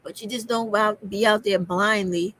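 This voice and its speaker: A woman's voice: medium pitch, steady tone, normal speed, fairly bright tone, a little hiss or hum. A woman commenting on a clip, emphatic and repetitive as she drives her points home. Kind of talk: reaction commentary.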